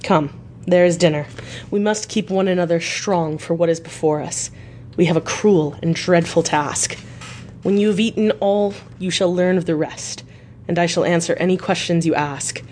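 A woman voicing a grave, reluctant male doctor as she reads an audiobook aloud, solemn and deliberate. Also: on the low side, a little mellow, a little hiss or hum, close to an everyday voice. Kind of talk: audiobook reading.

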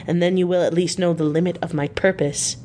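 A woman's voice: lowish voice, fairly even intonation, a little fast, dark tone, a little hiss or hum, natural voice. Van Helsing, a woman reading a solemn old professor. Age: older. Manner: solemn, formal, pleading. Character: grave elderly male foreign professor, stern yet tender. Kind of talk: audiobook character reading.

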